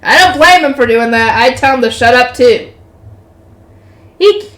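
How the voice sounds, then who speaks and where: A woman's voice: a little high, fairly quick, fairly bright tone. A woman reading a novel aloud, breaking off for joking, swearing asides. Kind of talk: casual read-aloud with commentary. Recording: echoey room.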